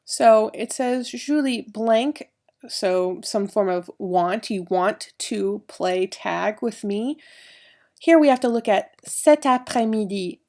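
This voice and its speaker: A woman's voice: medium pitch, warm tone. A woman teaching a recorded French grammar lesson, explaining each step and spelling out letters.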